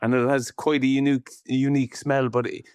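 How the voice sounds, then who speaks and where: Irish ex-player co-host, forties, chatty and rambling, dry booth sound. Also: male voice, medium pitch, flat delivery, a little mellow, clean tone, dry recording. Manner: chatty, rambling, with quick laughs and restarts. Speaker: co-host, former rugby player. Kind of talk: casual podcast chat.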